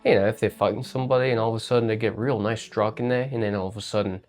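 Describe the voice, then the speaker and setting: A player at a tabletop game who talks in long, excitable, rambling runs and swears often. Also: medium pitch, rapid-fire, faint music behind. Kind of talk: casual tabletop game chat.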